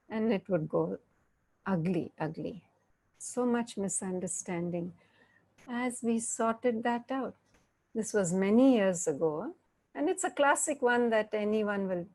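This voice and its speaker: A woman giving a reflective interactive talk, speaking gently and often checking in with her listeners. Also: on the high side. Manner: slow, gentle, checks in with "yeah?".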